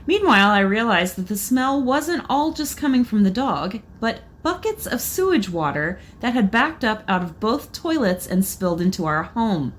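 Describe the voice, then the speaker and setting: Woman podcast cohost reading creepy stories, bouncy voice, bit of hiss behind. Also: medium pitch. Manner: laughs often, expressive. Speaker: podcast co-host. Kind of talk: casual chat, reading listener stories.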